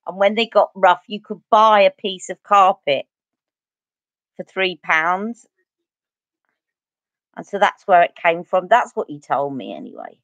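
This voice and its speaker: A woman's voice: on the low side, lively intonation, unhurried, pauses often, a bit bright, dry recording, highs cut off. A Cockney woman from East London, a beauty vlogger chatting casually and rambling through stories while doing her makeup on a livestream.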